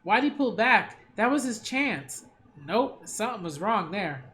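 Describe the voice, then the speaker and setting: A man hosting a reaction video, commenting casually in an excitable, slangy way with frequent exclamations. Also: high voice, unhurried.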